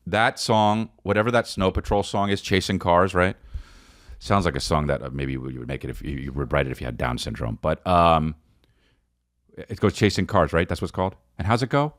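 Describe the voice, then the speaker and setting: A man's voice: sits low, brisk, a bit bright, no echo, studio quality. A man in his forties hosting a casual comedy podcast, rambling and joking and now and then breaking into off-key singing. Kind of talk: casual solo podcast chat.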